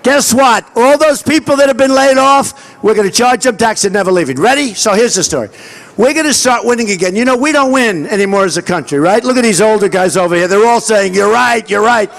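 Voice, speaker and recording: Older man shouting a rally speech, very high-pitched. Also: animated, brisk, creaky. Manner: boastful, repetitive, acting out quoted dialogue; shouting to a large crowd. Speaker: political candidate at a campaign rally. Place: large outdoor fairground rally.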